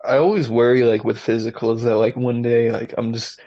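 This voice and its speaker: A man's voice: mid-range voice, flat delivery, brisk, warm tone, no echo, highs cut off. A young man in casual podcast chat, joking and wry. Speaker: podcast co-host.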